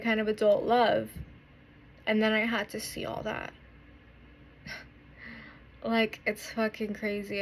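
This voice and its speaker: In a confessional vlog, a woman in her twenties talks through a painful breakup. Her mid-range voice halts often, she swears a lot, and she keeps restarting what she's saying.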